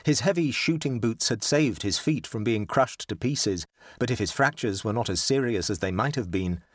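A man narrating a story in a measured storytelling delivery. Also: fairly low pitch, husky, no echo, clean studio sound. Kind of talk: scripted narration.

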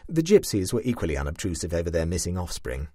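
A man reading a short story aloud in a dry, wry, expressive manner. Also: sits low, fast, dry recording.

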